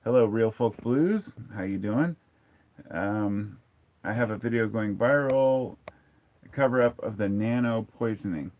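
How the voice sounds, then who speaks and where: A man's voice: fairly low pitch, unhurried. Blunt man in his forties, lo-fi. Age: 40s. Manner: candid, blunt, reads viewer comments aloud. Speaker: livestream host. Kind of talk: casual live-stream chat. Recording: dull lo-fi sound.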